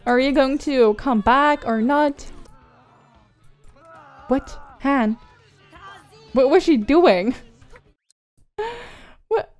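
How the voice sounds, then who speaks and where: A young woman chatting bubbly and excited over her life-simulation gameplay, laughing and gasping often. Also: sits high, very slow, pauses often, faint music behind. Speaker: gameplay commentator. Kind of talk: casual gameplay commentary.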